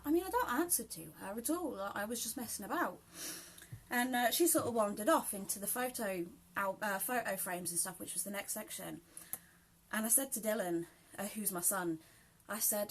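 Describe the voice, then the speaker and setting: A British woman talks chattily as she works at her sewing machine at home. She rambles from one story to the next, with many ums and the odd laugh along the way. Her pitch sits in an ordinary middle range. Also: moderate pace. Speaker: sewing vlogger. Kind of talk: casual chat while sewing.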